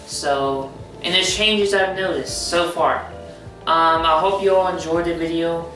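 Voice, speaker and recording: A man's voice: fairly high pitch, fairly even intonation, unhurried, pushed and bright, far from the mic. A young trans man talking casually to his viewers, blunt and swearing freely, with lots of hesitant fillers. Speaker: vlogger. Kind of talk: casual vlog talk to camera. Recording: echoey room, off-mic, faint music.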